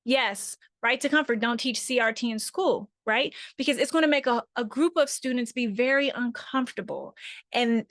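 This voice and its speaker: High-voiced woman leading an online workshop. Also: normal speed, fairly bright tone, no room sound, clean studio sound. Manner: conversational, keeps checking in with listeners. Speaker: workshop facilitator. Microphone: video call.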